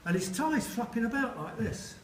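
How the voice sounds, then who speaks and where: A man's voice: very high voice, very animated, normal speed, distant mic. A man in his seventies from Sheffield, England, giving an after-dinner speech of funny anecdotes and acting out the people in them. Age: 70s. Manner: jokey storyteller acting out quoted voices. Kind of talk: humorous anecdotes at a reunion lunch. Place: large dining hall. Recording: echoey hall, voice picked up from afar, faint hum.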